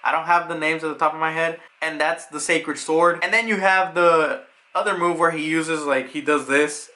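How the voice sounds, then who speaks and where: A young man casually recapping a manga chapter in a loose, rambling way, with lots of fillers, breaking into excited paraphrased lines. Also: fairly high pitch, normal speed. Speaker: manga reviewer.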